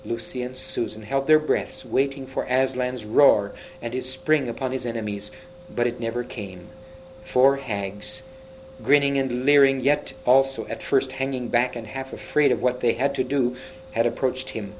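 A man reading a children's fantasy story aloud, slowly and a little haltingly, with small slips and restarts. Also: mid-range voice, slight background noise, low-quality recording. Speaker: reader.

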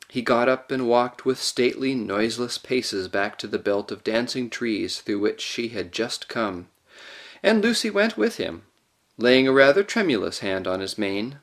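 A man narrating a children's story aloud with expressive storytelling. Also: medium pitch, normal speed. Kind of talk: audiobook reading of a children's story.

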